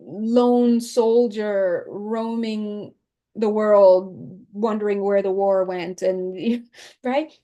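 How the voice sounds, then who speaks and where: A woman's voice: medium pitch, warm tone. A woman giving a casual spiritual tarot reading, chatty, laughing often and stretching out words for emphasis. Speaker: tarot reader.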